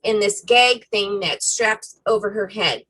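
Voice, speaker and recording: A woman co-hosting a casual faith-themed chat, retelling a story in an animated way with many fillers. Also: medium pitch, measured pace, breathy edge, rough recording. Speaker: co-host.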